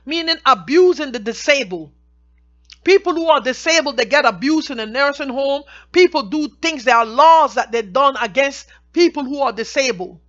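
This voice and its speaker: A woman teaching Bible verses, reading each verse slowly and then explaining it in plain everyday talk. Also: high-pitched, fairly bright tone. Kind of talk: scripture teaching with commentary. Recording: dull lo-fi recording.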